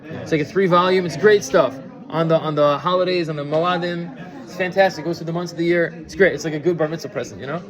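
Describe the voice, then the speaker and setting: A man with a fairly high voice gives an informal Torah lecture woven with stories, speaking in a relaxed, conversational way full of fillers and restarts. He talks fast with fairly even intonation and keeps asking his listeners questions, while audience noise fills the room.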